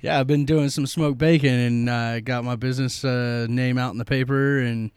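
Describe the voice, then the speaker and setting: A man guest on a casual podcast, talking in a laid-back, halting way. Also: mid-range voice, fairly even intonation, a little mellow, clean tone, no echo. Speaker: guest, small business owner. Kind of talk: casual chat.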